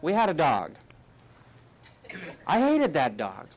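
A man's voice: a little high, slow pace. A man preaching a sermon, telling jokey stories from his childhood and acting out the voices of the people in them. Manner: animated, jokey, acts out quoted voices. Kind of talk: humorous sermon storytelling.

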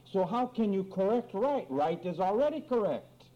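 Animated preacher man, dull recording. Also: sits high, moderate pace. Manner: lively, acts out quarrels in mock voices, reads scripture. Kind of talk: sermon. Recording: dull lo-fi recording with faint room noise.

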